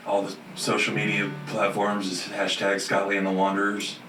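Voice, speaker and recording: Brief: man from Ohio, folk singer guest, fast offhand talk, distant mic in an echoey room, guitar behind. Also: lowish voice. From Dayton, Ohio. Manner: quick, relaxed, offhand talk. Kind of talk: casual interview chat. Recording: roomy sound from a distant mic.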